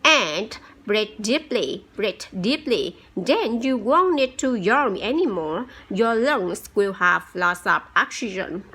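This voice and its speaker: A woman voicing a patient schoolteacher who explains things to a pupil in a slow, careful reading voice. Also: mid-range voice, expressive, sharp tone, husky, exaggerated voice.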